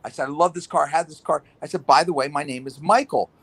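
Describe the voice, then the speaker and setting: A man's voice: a little high, fast talker, breathy edge. A middle-aged man hosting a casual chat, telling an emotional personal story and swearing now and then. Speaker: host.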